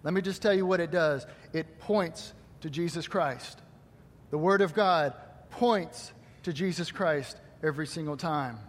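High-voiced man preaching in a reverberant hall. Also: unhurried. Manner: preaching to a congregation, rhetorical questions, quoting scripture. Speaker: pastor. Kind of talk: sermon. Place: church hall.

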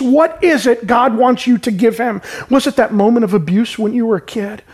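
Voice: medium pitch, normal speed, few pauses, husky. A pastor preaching a sermon with urgency, repeating key lines and calling on the listeners to respond.

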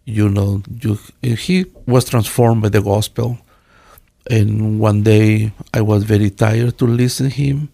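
An older pastor in his sixties from Guatemala speaks with a Guatemalan Spanish accent and a low, gravelly, dark voice. He tells his story in earnest, halting English that is full of restarts. The sound is dry and close. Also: steady tone, no echo. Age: 60s. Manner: halting, earnest, with many restarts and learner's grammar. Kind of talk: telling his life story in an interview.

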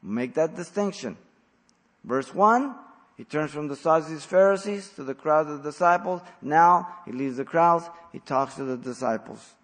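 A man's voice: a little high, normal speed. Guy preaching a verse-by-verse sermon, blunt and punchy, long echo hanging in a big hall. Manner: emphatic, blunt preaching with sudden loud emphasis. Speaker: pastor. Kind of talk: expository sermon.

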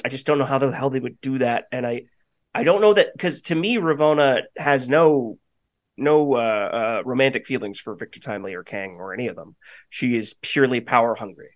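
A man's voice: mid-range voice, fairly bright tone, no room sound. A man co-hosting a podcast, thinking aloud in a tentative, hedging way. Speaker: podcast co-host. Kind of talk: casual podcast chat.

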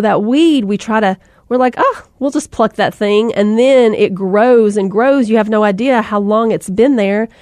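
Speaking to mothers about faith, this Christian speaker in her thirties has a rather high, darkish voice captured in studio quality with no room sound. Her talk is folksy and conversational, sprinkled with asides and fillers.

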